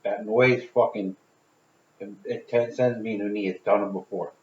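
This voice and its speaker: A man co-hosting a podcast, joking and swearing, breaking into loud excited bursts. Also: lowish voice, normal speed. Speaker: podcast co-host. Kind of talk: casual podcast chat. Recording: echoey room, dull lo-fi sound.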